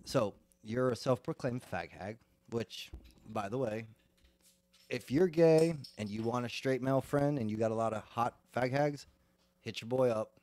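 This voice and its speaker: Male host, casual and teasing, mid-pitched, crude humor. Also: moderate pace, a little mellow. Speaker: podcast host. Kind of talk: casual podcast interview.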